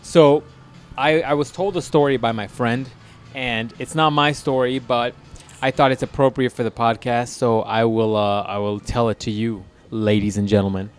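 Speaking at a moderate pace, this male podcast co-host has a medium-pitched, clear, resonant voice with fairly even intonation. He relates a crude story in a loose, casual way, full of laughs and fillers.

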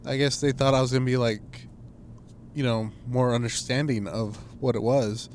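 A young man telling stories in casual chat, animated and swearing, acting out quotes in a raised voice. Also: mid-range voice, moderate pace, slight background noise. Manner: animated storyteller, swears, acts out quotes loudly.

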